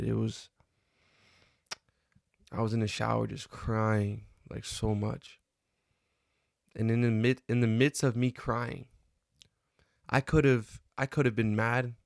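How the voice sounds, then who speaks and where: A young man talks through a personal reflection vlog in an earnest, halting way, often stopping and starting over. His gravelly voice stays flat and even in pitch. The sound is dry and close, with no room echo. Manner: halting, earnest, many restarts and fillers. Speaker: vlogger.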